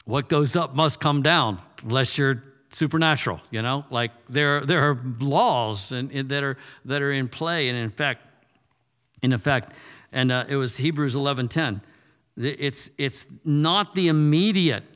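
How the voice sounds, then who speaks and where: A man's voice: mid-range voice, a little slow, a bit bright. A male pastor preaching a sermon in a loose, conversational way, often repeating words as he goes. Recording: reverberant hall.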